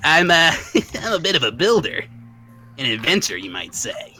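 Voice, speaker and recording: A man's voice: fairly high pitch, very animated, normal speed, bright, forceful tone, soft background music, full character voice. A man doing a shady coughing inventor. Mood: scheming. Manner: wheezy, coughing, wheeling-dealing. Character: gruff male inventor, shady fixer.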